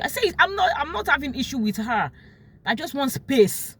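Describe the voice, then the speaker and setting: A young Nigerian woman with a Nigerian accent talking about her life in casual storytelling, emotional and quick to act out what others said. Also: fairly high pitch, husky. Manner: emotional, animated, quotes others in sharp raised tones.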